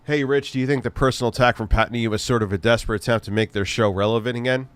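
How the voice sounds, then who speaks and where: A man hosts a casual livestream in a middle-pitched voice. He rambles, restarts his sentences, and keeps throwing in crude, profane jokes. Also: steady tone, fast talker. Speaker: livestream host.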